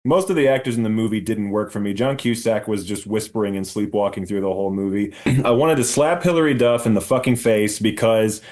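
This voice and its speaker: A man's voice: lowish voice, fairly quick, hardly any pauses, darkish tone. Ranting profane podcast guy. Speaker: podcast co-host. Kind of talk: casual movie review chat.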